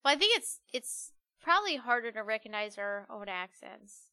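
Young jersey girl, kinda high bright voice, chatty and laughy. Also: moderate pace, clean tone. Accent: New Jersey. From New Jersey. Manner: lively, laughs often, opinionated. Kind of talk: casual chat.

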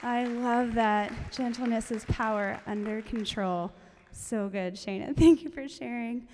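A woman's voice: a little high, unhurried, darkish tone. A woman hosting from a church stage, playfully introducing the next speaker. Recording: church hall reverb, faint noise.

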